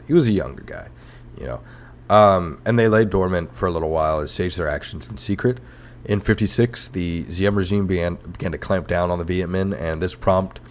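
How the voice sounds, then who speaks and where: A man's voice: low voice, a little hiss or hum. A man hosting a comedic history podcast, rambling and sarcastic, with frequent profane rants. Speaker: podcast host.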